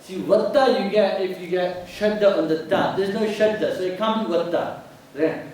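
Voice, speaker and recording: High-voiced man teaching in an echoey mosque. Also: moderate pace, a little mellow. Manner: drills pronunciation, asks the class to check understanding. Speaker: prayer teacher. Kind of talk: religious class teaching. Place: mosque hall. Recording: echoey hall, mic at a distance.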